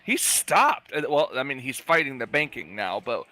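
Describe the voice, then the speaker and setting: Lively, bright-voiced male co-commentator. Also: medium pitch. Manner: excitable, jokey, quick reactions. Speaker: color commentator. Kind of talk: casual race commentary banter.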